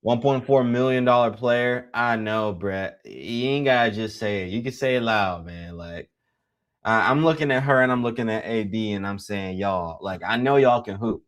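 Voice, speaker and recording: A young man giving casual live play-by-play commentary, excitable and teasing, full of slang. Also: on the low side, moderate pace.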